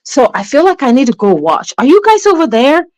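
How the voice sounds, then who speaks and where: A woman's voice: high voice, very animated, brisk, a little mellow, dry recording, rough recording. Rambling woman hosting a livestream. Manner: rambling, drops to near whisper at times. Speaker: livestream host. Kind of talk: casual livestream chat. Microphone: phone.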